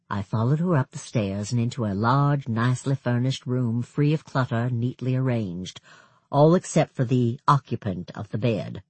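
Husky, expressive audiobook narrator. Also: medium pitch, dry recording. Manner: expressive, storytelling. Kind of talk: first-person novel narration.

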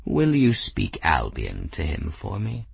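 A proud talking cat who thinks himself without flaw, as a male reader puts him on. His voice is deep, slow and husky, and each word sounds self-satisfied. It is recorded dry and close for a storybook. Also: wildly swooping pitch, no room sound, full character voice. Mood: smug. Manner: slow, smug, lordly.

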